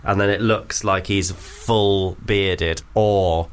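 A man's voice: sits low, fairly even intonation, slow pace, clean tone. A man co-hosting a comedy radio show, jokey and teasing. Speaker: radio co-host.

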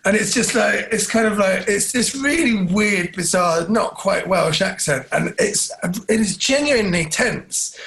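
A man co-hosting a podcast, telling rambling, animated stories in casual chat. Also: high-pitched, creaky. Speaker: podcast co-host.

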